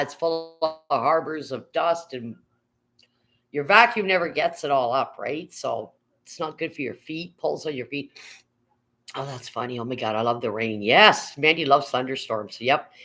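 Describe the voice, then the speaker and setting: A woman's voice: deep voice, fairly bright tone, poor audio. An older woman hosting a casual livestream from home, rambling and reading viewers' comments aloud with casual swearing. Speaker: livestream host.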